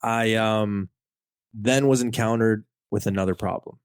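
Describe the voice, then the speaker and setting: On a studio podcast, a guest from Canada who collects comics shares a lengthy personal story, acting out quotes and saying "like" constantly in an animated, casual way. His voice is on the low side and clean, a little slow, with no echo.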